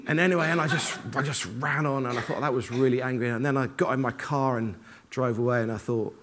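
A man preaches to a congregation in a church, mixing scripture with personal anecdotes. He talks in an animated, self-deprecating way, often jumping into the voices of his own inner thoughts. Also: mid-range voice, fast, slight background noise. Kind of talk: informal sermon with personal stories.

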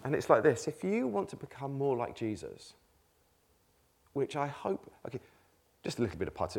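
A man's voice: medium pitch, wildly swooping pitch, normal speed, gravelly, slightly rough. A man preaching a conversational sermon, asking rhetorical questions and laughing between points. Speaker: pastor.

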